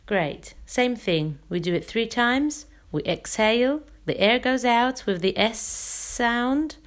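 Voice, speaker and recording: A female singing teacher guides a breathing exercise, calmly giving step-by-step instructions and demonstrating each sound. Her voice is on the high side and she takes things slowly.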